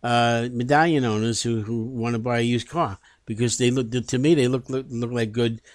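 Radio guest, man, hesitant and halting, mid-pitched voice, dry close sound. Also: fairly even intonation, dry recording. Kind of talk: talk radio chat.

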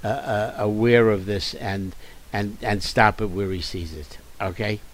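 A man's voice: on the low side, steady tone, unhurried. A man hosting a radio talk show, repeating words and restarting lines as he talks. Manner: repeats himself, stammering restarts. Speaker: radio host. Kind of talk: casual radio chat.

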